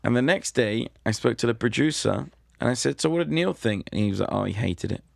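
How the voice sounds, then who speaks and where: A man's voice: medium pitch, expressive, brisk, gravelly, dry recording. A British man telling anecdotes as a guest, dry and self-deprecating. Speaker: guest comedian and magician.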